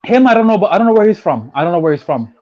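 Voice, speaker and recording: A man from South Sudan hosting a casual podcast chat, rapid and talking over his guest. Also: sits high, very animated, mellow, no echo, lo-fi sound. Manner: rapid, talks over others. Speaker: podcast host.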